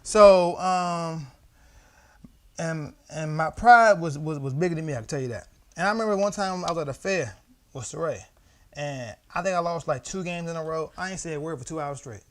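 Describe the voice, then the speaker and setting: A man's voice: fairly high pitch, normal speed. A young man leading a church Bible study, telling loose personal stories with slang and frequent laughter.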